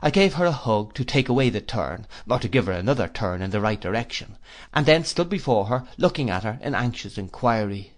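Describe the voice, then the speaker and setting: A man's voice: medium pitch, animated, a little fast. Man narrating a classic novel. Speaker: audiobook narrator.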